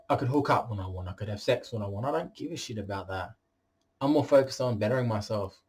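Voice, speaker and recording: A man's voice: lowish voice, a little mellow, husky. Boastful, blunt man. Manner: boastful, blunt, swears freely. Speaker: vlogger. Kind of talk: direct-to-camera monologue.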